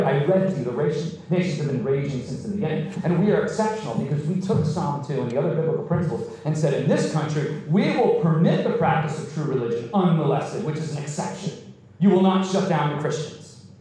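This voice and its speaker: A man's voice: fairly high pitch, mellow. A man preaching a sermon as pastor, emphatic and rising to exclamations. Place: church sanctuary. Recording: very echoey hall, mic at a distance.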